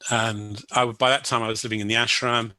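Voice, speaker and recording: A man's voice: mid-range voice, flat delivery, a little fast, bright, forceful tone, no room sound. A man telling a personal story as a guest, rambling, with many restarts and "you know"s.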